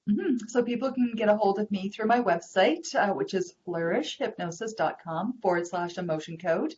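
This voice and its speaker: A woman's voice: mid-range voice, animated, normal speed, darkish tone, muffled recording, a little hiss or hum. A woman co-hosting a live web show, telling a self-deprecating anecdote in a friendly, chatty way. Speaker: co-host, hypnotherapist. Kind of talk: casual storytelling chat.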